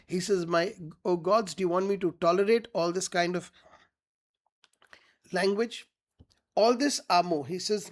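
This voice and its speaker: Male teacher. Reads a line aloud, then explains it simply and checks students follow. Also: high voice. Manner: reads each quote then paraphrases it plainly, often checks "got it?". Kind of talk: line-by-line literature lesson.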